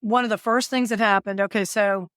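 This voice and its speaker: Southern woman guest, middle pitch, dramatic storyteller who jumps high for quotes; dry, close sound. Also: steady tone, brisk, fairly bright tone, no room sound. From southern United States. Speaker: guest, caregiver and author. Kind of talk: storytelling interview.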